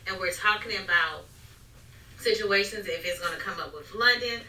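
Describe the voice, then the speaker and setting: Chatty mom, very bright tone, roomy echo, mic set back. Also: female voice, mid-range voice, moderate pace. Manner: chatty, animated, acting out what she says. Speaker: mother sharing parenting stories. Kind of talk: casual family chat. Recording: echoey room, mic at a distance.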